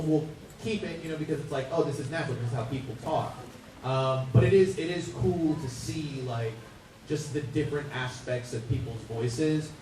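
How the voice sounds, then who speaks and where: A man who directs voice work, talking in a relaxed way on a convention panel with many ums. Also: mid-range voice, a little hiss or hum. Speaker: voice director and actor. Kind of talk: casual panel talk. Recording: echoey room, distant mic.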